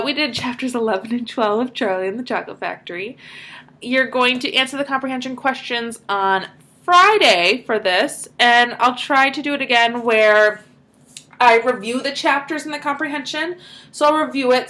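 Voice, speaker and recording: A woman's voice: fairly high pitch, fairly bright tone. Chatty woman teacher recapping a story. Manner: casual and chatty with her students. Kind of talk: read-aloud lesson with recap.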